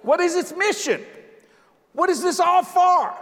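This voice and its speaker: An older man preaching a sermon, emphatic and joking, now and then breaking into shouts. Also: extremely high pitch, a little slow. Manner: emphatic, jokey preaching with sudden shouted lines. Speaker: visiting preacher. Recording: long hall reverb.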